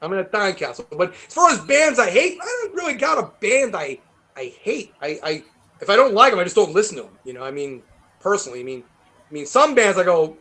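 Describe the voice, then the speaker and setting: A man's voice: high-pitched, sing-song, quick pace, bright, forceful tone. A man, a guitarist guest in a casual interview, rambling, swearing and laughing as he tells stories. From New York. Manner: swearing, rambling storyteller who laughs often.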